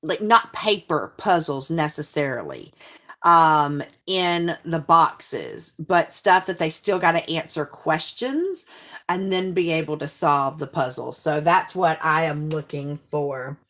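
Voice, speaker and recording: A woman's voice: low-pitched, expressive, takes it slowly, fairly bright tone. A woman from Alabama with a Southern accent, hosting a casual live stream in a chatty, gushing way as she reads out viewer comments.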